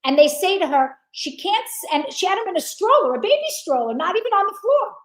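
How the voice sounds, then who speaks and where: A woman's voice: extremely high pitch, brisk, poor audio. A woman telling a story in a casual chat, acting out the other people's lines and swearing freely. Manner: animated storyteller, acts out dialogue, swears. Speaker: guest.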